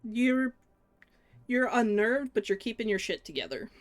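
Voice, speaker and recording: A woman running a tabletop game as game master, describing scenes and ruling on players' actions in measured narration. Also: fairly high pitch, animated.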